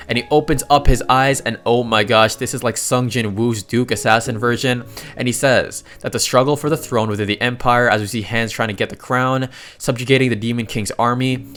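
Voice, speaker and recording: Guy doing a hyped comic recap, slangy, faint guitar music behind. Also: mid-range voice. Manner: excitable, slangy, keeps exclaiming. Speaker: manhwa recap narrator. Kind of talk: casual story recap narration.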